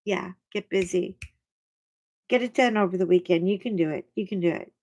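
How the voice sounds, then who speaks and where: A middle-aged woman hosting a casual livestream chat, telling stories in an animated way and greeting viewers by name. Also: mid-range voice, moderate pace, muffled recording. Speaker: livestream host.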